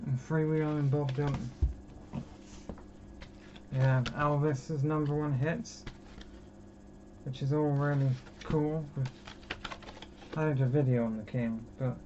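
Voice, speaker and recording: A man's voice: on the high side, steady tone, slow pace, long pauses. A young man from Britain chatting casually and rambling through his record collection, poking fun at himself. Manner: chatty, self-mocking, rambling. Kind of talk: casual chat. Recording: dull lo-fi with clear background noise.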